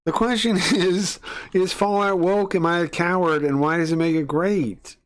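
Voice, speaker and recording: A man's voice: sits high, fairly even intonation, moderate pace. A man streaming live, reacting to a video with sarcastic, mocking rants. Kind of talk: casual live-stream commentary.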